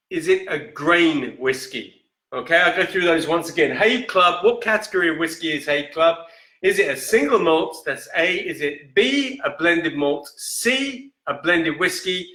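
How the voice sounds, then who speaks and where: A man hosting a live-stream whisky quiz in a casual, chatty way, reading each question slowly and repeating it. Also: on the high side, expressive, sharp tone. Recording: echoey room.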